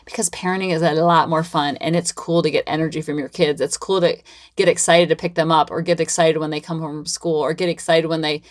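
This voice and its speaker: A woman's voice: sits low, fairly even intonation, fairly quick. A woman hosting her own parenting podcast, talking casually in a chatty, rambling, upbeat way and repeating herself often. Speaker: parenting coach and podcast host. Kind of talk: casual solo podcast talk.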